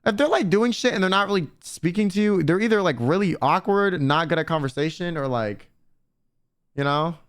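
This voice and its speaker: A man's voice: sits high, animated, brisk, smooth. A young man streaming and chatting casually with viewers in a blunt, slangy way, swearing often.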